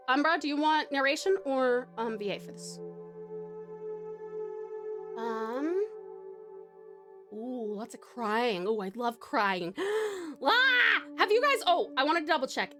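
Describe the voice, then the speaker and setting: A woman's voice: high-pitched, a bit bright. Bubbly Australian woman streamer. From Tasmania, Australia. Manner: bubbly, affectionate, laughs often. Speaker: streamer and story narrator. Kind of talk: live-stream chat and story reading. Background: background music.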